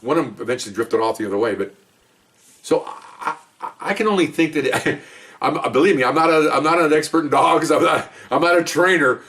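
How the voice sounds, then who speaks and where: A man's voice: medium pitch, fairly bright tone, far from the mic. A middle-aged man who is a police officer, telling his own stories in a rambling, chatty way full of asides. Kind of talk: casual spoken storytelling.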